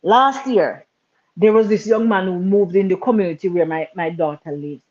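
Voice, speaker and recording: A woman's voice: on the low side, moderate pace, darkish tone. Jamaican woman telling an emotional story. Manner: emotional storytelling in patois, repeats words. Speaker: co-host. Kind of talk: casual live-stream chat. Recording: dull lo-fi stream audio.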